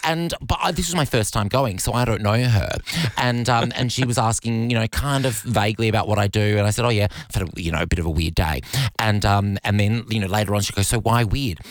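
A man's voice: fairly quick, dry recording. A man, chatting animatedly as a radio guest, telling stories and laughing often, in a voice people think sounds put on. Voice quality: nasal higher speaking voice that others find put on. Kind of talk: casual radio chat.

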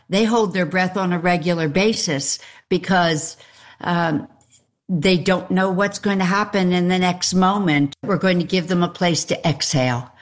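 A woman speaking from her home in an interview, slow and earnest with hesitations. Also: lowish voice. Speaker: interviewee, nonprofit founder. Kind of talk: casual interview answers.

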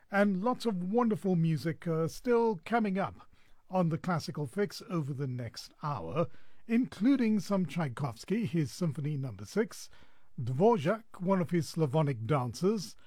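A man's voice: a little high, big pitch swings, unhurried, dark tone, no echo, clean studio sound. A male radio presenter introducing classical music on air in an easygoing, chatty way, fighting off a bout of hiccups. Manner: easygoing, chatty with small asides. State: has the hiccups. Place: radio studio.

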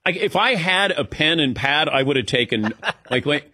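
A man's voice: fairly high pitch, moderate pace, breathy edge. A man hosting a radio talk show, chatting casually and animatedly with his co-hosts and calling on them by name. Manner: animated, calls on co-hosts by name, breaks into laughs. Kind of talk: casual studio banter.

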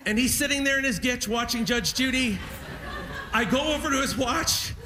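A man doing animated stand-up storytelling, laughing at his own stories. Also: very high-pitched, normal speed, crowd noise. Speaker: stand-up comedian. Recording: noisy recording.

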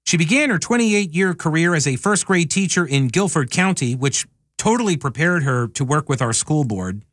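Wry male talk radio host. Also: on the high side. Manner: wry, sarcastic asides. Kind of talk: casual talk radio monologue. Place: radio studio.

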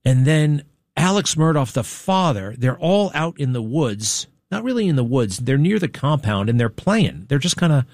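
A man's voice: medium pitch, very animated, moderate pace, a little mellow. This is a male talk-show host in a studio, speaking in a casual, digressive way. His voice sits in the middle range, and his tone is wry. The sound is close and dry, with no room echo. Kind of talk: rambling monologue, casual chat.

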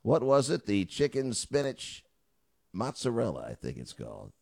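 A man's voice: mid-range voice, wildly swooping pitch, moderate pace, vocal fry, a little mellow. A middle-aged man hosting a talk radio show, delivering a chatty monologue with joking asides.

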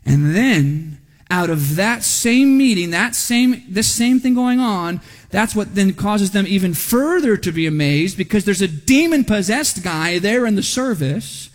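A man's voice: high voice, lively intonation, a little slow. A man preaching an expository sermon in a church service, speaking conversationally, often asking the congregation "right?", and rising animatedly when reading quoted speech. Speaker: pastor. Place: church sanctuary during a service. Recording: long hall reverb.

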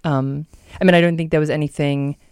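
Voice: mid-range voice, steady tone, a little fast, darkish tone, clear, resonant tone, dry recording, clean studio sound. A co-host of a podcast, thoughtful and a little hesitant, pushing back politely in a casual review chat.

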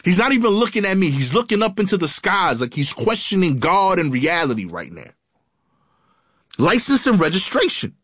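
A man telling a comic story in an animated, dramatic way, acting out the dialogue. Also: high-pitched, fairly quick, hardly any pauses, slightly rough, no echo, studio quality.

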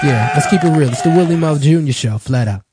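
A man's voice: fairly high pitch, fast, darkish tone, breathy edge, no room sound. A man hosting a radio talk show, blunt and heartfelt, talking plainly about faith. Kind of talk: casual radio talk and prayer.

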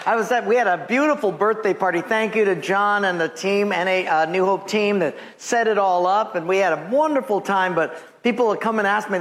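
Folksy stories fill this sermon with jokes from a pastor in his seventies, who chuckles at his own punchlines while his congregation laughs in the sanctuary. He speaks a little fast with few pauses, in a high-sitting, slightly bright voice.

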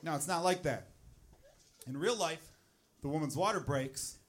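A man doing a stand-up comedy set, telling a personal story with animated delivery and acted-out voices. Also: fairly high pitch, normal speed, background noise. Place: comedy club stage.

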